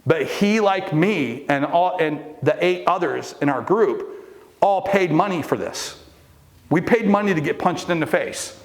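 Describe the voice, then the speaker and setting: Gravelly storytelling coach, mid-pitched man. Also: expressive, a little slow. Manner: storytelling, acts out quoted people; restarts and fillers, earnest. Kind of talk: motivational talk to a live group.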